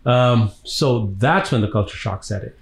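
A man from Tanzania, an actor being interviewed, telling long, lively stories with a laugh between them. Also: medium pitch, normal speed, creaky, poor audio. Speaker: actor guest. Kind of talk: casual interview storytelling.

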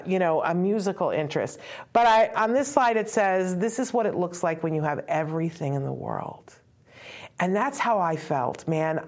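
A woman in her fifties, an author and parent, giving a live talk to an audience. She tells a personal story in a conversational way, with asides and voices for other people, and sounds close to tears. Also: fairly low pitch.

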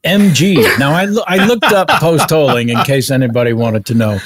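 A man's voice: medium pitch, very animated, brisk, background noise. A man hosting a comedy podcast, reading listener mail and improvising as a laid-back hiking guide. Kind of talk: casual improv comedy chat.

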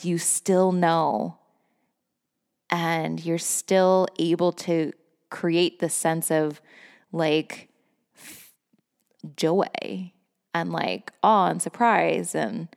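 Telling her own story on a podcast, a woman with a somewhat low, creaky voice is unguarded and effusive, swearing casually and using "like" in every sentence. Laughter breaks into her phrases often, and the recording has a big-room sound.

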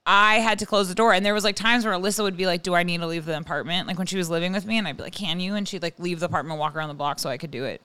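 A woman's voice: fairly low pitch, very fast, hardly any pauses, sharp tone, clear, resonant tone, no echo. A woman hosting a podcast in casual chat, candid and self-deprecating, often laughing at herself. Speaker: podcast host.

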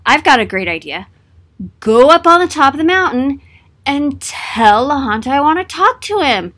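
A scheming male leader with big ambitions, smooth-talking and flattering, as a woman puts him on. The voice sits a little high and sweet-toned, wheedling its way through every line. It is told in a casual storytelling manner. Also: moderate pace.

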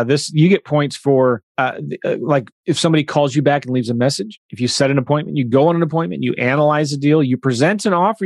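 A man coaching real estate investors on a live online webinar, talking in an energetic, conversational and emphatic way. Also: a little high, no room sound.

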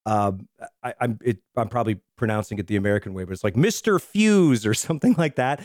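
Animated man retelling film scenes, dry sound. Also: on the low side, quick pace, no room sound. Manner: animated storyteller, acts out scenes. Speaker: podcast co-host. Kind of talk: casual film discussion.

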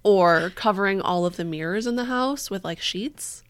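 A woman's voice: mid-range voice, normal speed, clean tone. A woman co-hosting a podcast, telling a true-crime story in casual chat, swearing freely and acting out the people she quotes. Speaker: podcast co-host.

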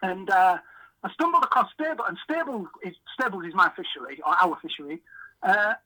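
An English man in his podcast-guest seat, chatting in a casual way and telling rambling, self-deprecating anecdotes. His voice sits fairly high and has a very bright, sharp edge. The sound is thin and slightly phone-like. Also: lively intonation, a little fast. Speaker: podcast guest, fishery owner. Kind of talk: casual storytelling.

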